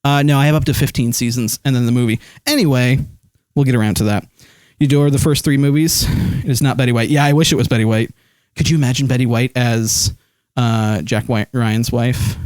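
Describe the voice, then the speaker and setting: A man's voice: mid-range voice, brisk, a little mellow, dry recording, studio quality. A man streaming live, rambling casually and reading chat comments aloud with lots of fillers while holding his phone. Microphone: desk microphone.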